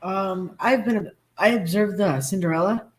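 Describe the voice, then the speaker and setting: A man's voice: sits high, a little slow. A man chatting on a live recovery stream, joking and laughing at his own jokes. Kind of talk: casual livestream chat.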